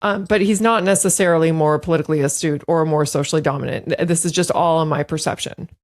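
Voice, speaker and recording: A woman's voice: deep voice, fairly even intonation, fast talker. A woman hosting a science podcast, thinking aloud in a conversational interview and murmuring agreement as her guest talks. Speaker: podcast host.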